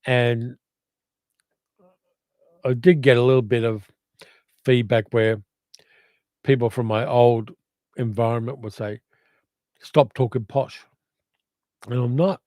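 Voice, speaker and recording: A man's voice: mid-range voice, fairly even intonation, unhurried, pauses often, darkish tone, no echo. An older man with an educated Australian accent, hosting a casual livestream and reading out viewer comments in a reflective, rambling way. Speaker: livestream host.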